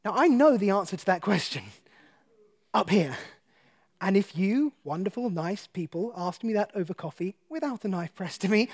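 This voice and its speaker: A man tells a personal story of faith to an audience, lively and laughing often, then hushed in the tense parts. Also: sits high, normal speed, breathy edge. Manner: animated storyteller who laughs often and drops to a hush for tense moments. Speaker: guest speaker. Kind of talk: personal testimony told to an audience.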